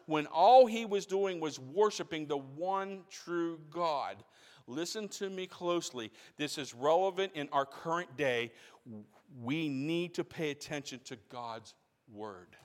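Man, pastor, high voice, sermon, repeats phrases, long hall reverb. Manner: preaching with rising intensity and repeated phrases.

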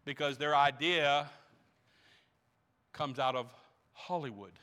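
Older male pastor in his sixties, fairly high and bright-toned, preaching emphatically to a congregation in church. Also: takes it slowly. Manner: emphatic, asks rhetorical questions, repeats words. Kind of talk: sermon.

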